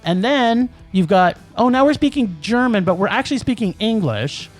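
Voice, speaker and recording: Man, high voice, very lively pitch, ranting film podcast co-host, faint music behind. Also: normal speed. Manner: ranting, laughing, emphatic. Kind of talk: casual film-review chat.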